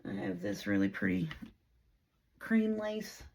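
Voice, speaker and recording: A woman talks through a papercraft project in a loose, folksy ramble, owning her slip-ups as she goes. Her voice has a gravelly, creaky edge at a middling pitch. A faint hiss sits under the recording. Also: very animated, slow pace, darkish tone. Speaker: paper crafter demonstrating a project. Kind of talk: casual craft tutorial chat.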